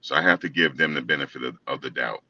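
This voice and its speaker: A man with a very low voice talks in an easygoing, hesitant way, filling pauses as he thinks aloud. He sits back from the microphone, and the sound is dull and muffled. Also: breathy edge, recorded from a distance. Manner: laid-back, hesitant, hedging with fillers. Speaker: co-host. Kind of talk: casual commentary chat.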